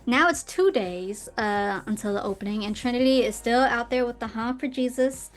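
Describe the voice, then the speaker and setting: A woman hosting a podcast, casually recapping a film plot in a chatty way with quick asides. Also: fairly high pitch. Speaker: podcast host. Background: faint intro music.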